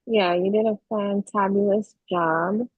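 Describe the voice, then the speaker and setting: A woman's voice: mid-range voice, fairly even intonation, a little slow, no echo. A woman in a casual chat, speaking in an upbeat, encouraging way. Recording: dry, muffled lo-fi line.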